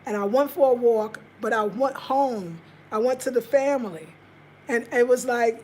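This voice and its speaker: A woman's voice: on the high side, normal speed, a little mellow, slight background noise. A woman chatting casually on a live stream, talking straight to her viewers and answering their comments. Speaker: vlogger reading live chat.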